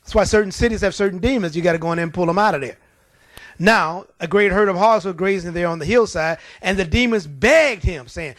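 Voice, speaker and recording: A man's voice: sits high, fairly quick, a bit bright, no echo. A man preaching a sermon, often acting out the voices of demons and laughing at his own stories.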